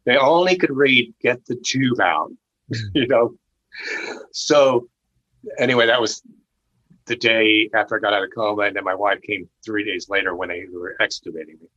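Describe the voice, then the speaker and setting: A man recounts a personal experience in casual, earnest speech that often restarts mid-sentence. His voice is forceful and somewhat husky. The recording sounds dull and lo-fi. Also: on the low side, normal speed. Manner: earnest, conversational, with frequent restarts. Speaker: storyteller sharing personal testimony. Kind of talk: casual spoken storytelling.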